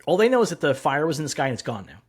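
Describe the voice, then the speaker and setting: A man's voice: a little high, sing-song, rapid-fire, breathy edge. A man co-hosting a podcast, chatting casually about comics, swearing freely and acting out quotes. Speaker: podcast co-host. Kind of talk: casual comic-book discussion.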